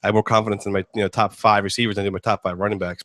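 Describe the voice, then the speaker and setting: A man's voice: low voice, little pitch movement, very fast, fairly bright tone, no room sound, studio quality. A man hosting a casual sports talk show, rambling and joking with lots of fillers. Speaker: host.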